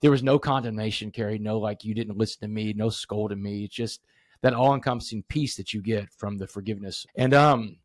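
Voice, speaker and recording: A man's voice: fairly low pitch, fairly even intonation, fairly quick, no echo, clean studio sound. A middle-aged man from Southeast Texas, a podcast guest telling a vivid personal story in earnest, full of quoted dialogue.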